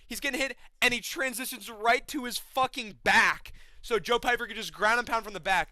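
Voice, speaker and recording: Man host, high bright voice, agitated profane rant, fight recap from a home room. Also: moderate pace, no echo. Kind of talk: casual ranting recap.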